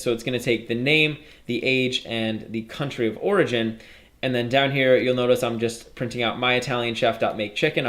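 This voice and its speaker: A man teaching programming in a relaxed, conversational way, walking viewers through code on his screen and speaking to them as "you guys". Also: medium pitch. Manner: casual explanatory walkthrough, addresses viewers as "you guys". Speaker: programming instructor. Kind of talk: screen-recorded coding tutorial.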